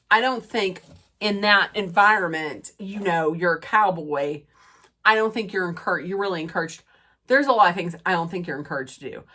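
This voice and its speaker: A woman with a slightly low voice talks through a reality TV episode in a loose, rambling recap, full of fillers and restarts. Her nose is stuffed up, so she sounds nasal and congested as she chats. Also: pushed and bright. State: stuffy, draining sinuses. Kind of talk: casual recap and rant.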